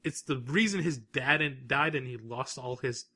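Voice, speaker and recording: A man's voice: mid-range voice, normal speed, bright, forceful tone. A man co-hosting a podcast, chatting casually and giving blunt, dismissive opinions. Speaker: podcast co-host. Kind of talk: casual chat.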